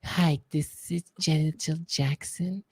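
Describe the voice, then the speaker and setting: A man putting on a soft, breathy male pop star who plays a drill sergeant, talking slowly and gently. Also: on the high side, fairly even intonation, no echo, full character voice. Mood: gentle.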